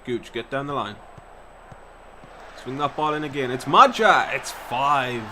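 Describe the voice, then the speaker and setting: Excitable man doing game commentary. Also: medium pitch, measured pace, noisy background. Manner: excitable, commentator-style play-by-play, swears. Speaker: gaming YouTuber. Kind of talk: casual gameplay commentary.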